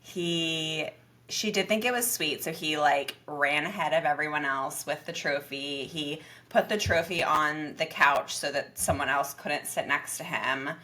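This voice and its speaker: A woman co-hosts a casual podcast, recapping a dating show. Her voice sits a little low but rings bright and clear, and she slips into lively voices to act out what people said. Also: a little slow. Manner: animated, acts out quotes in lively voices. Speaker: podcast co-host. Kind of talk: casual reality TV recap chat.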